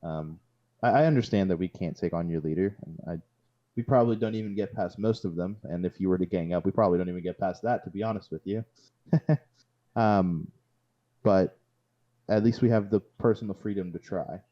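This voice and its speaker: A man playing an earnest, independent young male ninja in a tabletop game, talking in halting, rambling sentences. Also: deep voice, close to an everyday voice. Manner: rambling, halting, with many restarts. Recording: slightly dull lo-fi audio.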